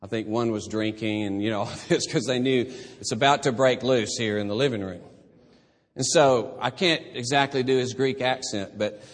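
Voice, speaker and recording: A man preaching a sermon as pastor, moving from casual storytelling to emphatic, forceful preaching. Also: mid-range voice, normal speed. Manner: conversational then building to emphatic preaching. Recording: long church reverb.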